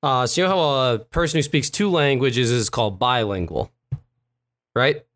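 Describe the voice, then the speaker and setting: A man's voice: medium pitch, normal speed, a bit bright. A man co-hosting a casual podcast chat, joking and rambling, often laughing. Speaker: podcast co-host.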